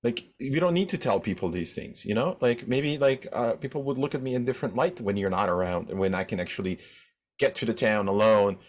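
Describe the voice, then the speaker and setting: A man's voice: on the low side, animated, brisk. A man in an improv comedy scene, playing a touchy, prickly brother who rambles with many "like" fillers. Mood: complaining. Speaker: improv performer.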